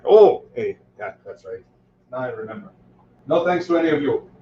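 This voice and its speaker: A man's voice: mid-range voice, lively intonation, moderate pace, warm tone, breathy edge. A man cooking in his home kitchen, chatting casually with viewers in a wry, joking way and swearing now and then. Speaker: cooking streamer. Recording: muffled lo-fi home recording.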